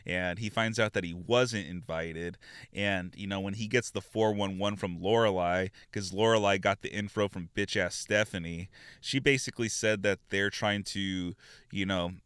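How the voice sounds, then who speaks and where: A man's voice: low-pitched, steady tone, moderate pace, fairly bright tone, smooth, dry recording, clean studio sound. A man hosting a podcast, giving a rambling, informal recap with lots of fillers. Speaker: podcast host. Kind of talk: casual recap and review.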